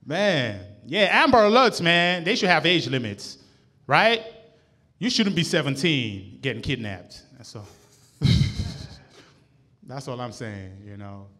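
A man's voice: mid-range voice, very animated, slow, long pauses, pushed and bright. A man doing a loose, slangy stand-up set in a comedy club, laughing at his own jokes.

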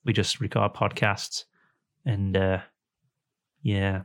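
Speaking slowly in a fairly low voice with little pitch movement, a man hosts a podcast. He sits indoors facing his guest, chatting casually and reading a sponsor spot with rambling jokes.

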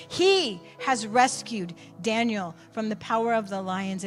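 A woman preaching a sermon, telling a story with animated swings from quiet asides to near shouts. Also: medium pitch.

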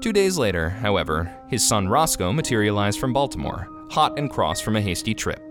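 A man narrating a classic short story as a podcast reader, expressive and measured. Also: fairly low pitch. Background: guitar music.

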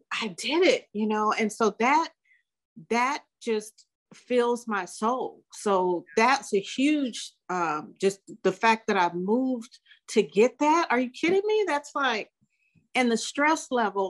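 Reflective woman in her sixties, halting. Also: a little high, a bit bright. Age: 60s. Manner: reflective, halting, with many restarts. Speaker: guest. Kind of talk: casual interview chat.

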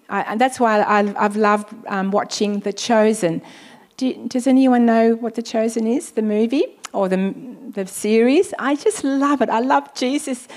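A woman pastor preaching a sermon, reading scripture slowly and deliberately, with exclamations of praise between points. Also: fairly high pitch, a little mellow.

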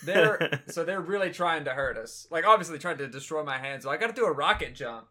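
A man's voice: on the high side, lively intonation, brisk, sharp tone. A man playing a tabletop game, hesitant and full of filler words. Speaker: player. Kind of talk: casual tabletop play.

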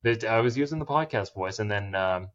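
A man's voice: on the low side, animated, brisk, a bit bright, highs cut off. A man guesting on a podcast, chatting casually in a rambling, self-deprecating way and laughing often. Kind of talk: casual chat.

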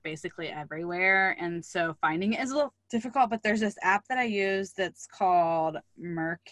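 Bright-voiced, chatty woman co-host. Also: lowish voice, dry recording. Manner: chatty, with many "like" fillers. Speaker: podcast co-host. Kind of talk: casual chat.

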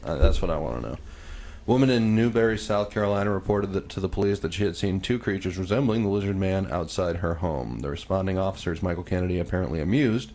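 A man with a lowish voice talks loosely on a podcast, peppering his lines with swearing and laughter. He reads out strange stories in an offhand, joking way. A faint room hum sits under the voice. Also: expressive, quick pace, a little mellow. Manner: profane, laughing, puts on silly voices. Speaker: podcast co-host. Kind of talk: casual comedic chat. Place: home room, smoking while recording.

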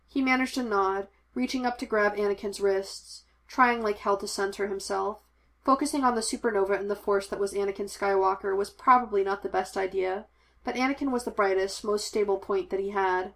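A woman narrating an audiobook of fan fiction with a measured, expressive reading. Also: mid-range voice.

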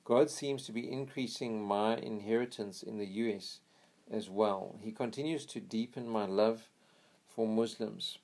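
Low-voiced man reading a memoir aloud. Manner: earnest, pauses for quiet prayers. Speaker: reader of a missionary memoir.

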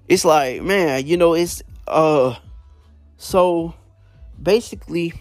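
A man's voice: on the high side, takes it slowly, pauses often, darkish tone, no room sound, faint music behind. A man casually retelling prison stories, rambling with lots of fillers and slang. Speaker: storyteller.

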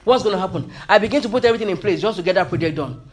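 A man with a high voice delivers a motivational sermon. He speaks emphatically, repeats his key points and punctuates them with hallelujah. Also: racing. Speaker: preacher.

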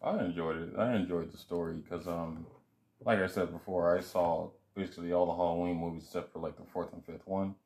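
A man's voice: sits low, fairly even intonation, a little fast, darkish tone. A man co-hosting a podcast, giving short, laid-back replies in a casual film review chat. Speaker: podcast co-host.

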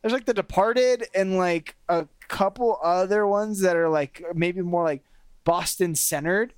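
A man co-hosting a casual podcast, talking in an animated way and leaning on "like" and "kinda". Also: high voice, measured pace, clear, resonant tone, no room sound. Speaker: podcast co-host.

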